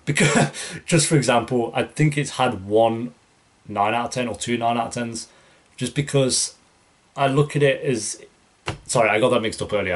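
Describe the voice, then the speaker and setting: A man's voice: low-pitched, fairly bright tone. A young man, hosting a casual Q&A for his reaction channel, answering viewer questions in a loose, rambling way with many fillers and restarts. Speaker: YouTube reaction channel host.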